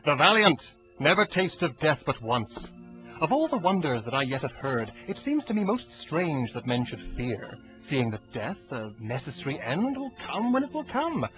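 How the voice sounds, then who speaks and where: A man's voice: a little high, very animated, moderate pace. Caesar: a man playing a proud defiant ruler. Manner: grand, declamatory verse. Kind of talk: Shakespeare audio drama. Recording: dull lo-fi audio under music.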